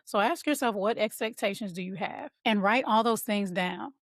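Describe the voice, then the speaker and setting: A woman's voice: mid-range voice, moderate pace, no echo. Woman podcast host, dry close voice. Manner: warm conversational, addresses listeners as y'all. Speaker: podcast host and mom coach. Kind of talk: motivational podcast talk.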